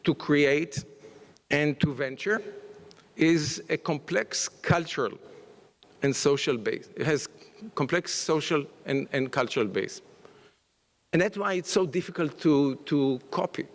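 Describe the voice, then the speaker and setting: A man speaks at a conference panel, his voice sitting a little high. He hesitates often, restarting phrases around fillers. The sound rings with the long reverb of a large hall. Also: measured pace, long pauses. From Israel. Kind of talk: conference talk.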